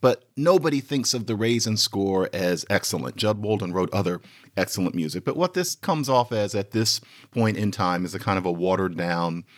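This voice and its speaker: A podcast host in lively, chatty commentary, explaining a point to listeners. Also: male voice, on the low side, normal speed. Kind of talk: lecture-style commentary.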